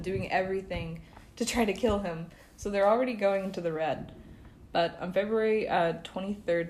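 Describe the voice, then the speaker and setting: A woman's voice: on the low side, darkish tone, a little hiss or hum. A young woman casually retelling a true-crime case as a podcast co-host, peppering her talk with "um" and "like". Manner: chatty, many fillers like "um" and "like".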